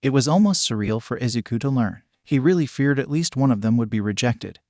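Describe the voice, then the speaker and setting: A man's voice: mid-range voice, animated, fairly quick, a little mellow, dry recording. Man narrating a fan story, dry sound. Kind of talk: scripted narration.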